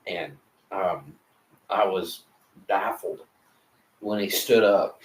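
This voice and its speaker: A fairly low-voiced young man co-hosting a casual podcast, relaxed and profane, often stumbling over repeated words. He sits back from the mic, and the room gives his voice a noticeable echo. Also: slow pace. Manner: laid-back, profane, stammering restarts. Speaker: podcast co-host. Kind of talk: casual chat. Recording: echoey room, mic at a distance.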